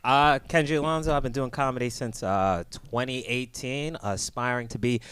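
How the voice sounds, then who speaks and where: A man who is a stand-up comedian, telling funny stories in a casual, animated way and acting out the voices. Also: medium pitch, moderate pace, clean tone, dry recording.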